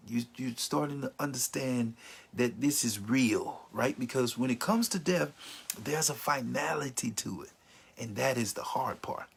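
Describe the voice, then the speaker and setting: A man's voice: medium pitch, gravelly, breathy edge. A man teaching about grief in an informal, earnest way, sometimes acting out the words of people in mourning. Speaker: grief counselor.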